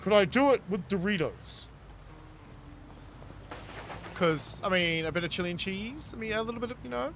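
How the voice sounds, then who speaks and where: A man's voice: high-pitched, fast talker, fairly bright tone, slight background noise. A man streaming a game, casually reading chat aloud and riffing on it with frequent laughs. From New Zealand. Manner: reads chat aloud and riffs on it, laughing often. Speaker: gaming streamer.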